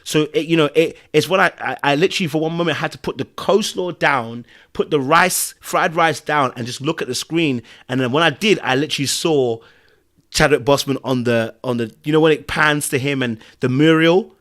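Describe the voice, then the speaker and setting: A man with a British accent co-hosting a casual podcast, animated and swinging between loud bursts and hushed asides. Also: fairly high pitch, fairly quick. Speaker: podcast co-host.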